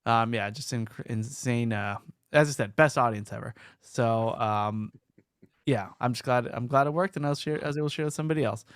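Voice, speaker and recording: Guy hosting a podcast, chatty storyteller, smooth voice, dead dry sound. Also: mid-range voice, fairly quick, dry recording. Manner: animated storytelling, reads listener comments. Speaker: podcast host. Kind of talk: casual chat.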